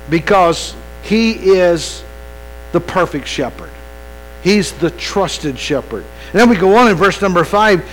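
A pastor with a fairly high, bright voice preaches an evening sermon in a conversational way, restarting phrases and putting questions straight to the congregation. The audio is poor, with mains hum in the background.

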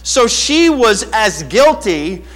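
A middle-aged male pastor with a fairly high voice, preaching in an animated storytelling way. He acts out his childhood self in the lines of the story, then moves into the scripture lesson. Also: takes it slowly. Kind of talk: sermon with personal story.

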